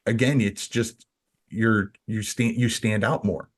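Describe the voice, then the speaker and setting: Brief: male podcast co-host, lowish voice, loose rambling delivery. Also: fairly even intonation, slow pace, slightly rough. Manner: rambling, many restarts and "you know". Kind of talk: casual podcast chat.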